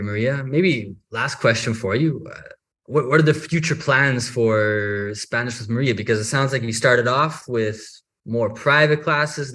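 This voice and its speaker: A man hosting an interview about learning Spanish, talking in a relaxed, casual way with plenty of listening sounds. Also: mid-range voice. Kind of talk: conversational interview.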